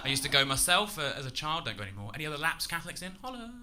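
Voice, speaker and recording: A man's voice: on the high side, animated, racing. A young man with a Lincolnshire accent doing a chatty, self-mocking stand-up set on a comedy club stage. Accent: Lincolnshire English. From England. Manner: chatty, self-mocking, with loud shouted bursts. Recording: live club recording with crowd noise.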